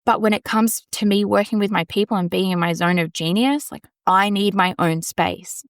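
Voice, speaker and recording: A woman's voice: medium pitch, moderate pace, no room sound, studio quality. A woman, talking candidly and rambling on her solo podcast from a small storage room. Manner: candid, rambling, swears casually. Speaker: podcast host. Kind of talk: casual solo podcast monologue.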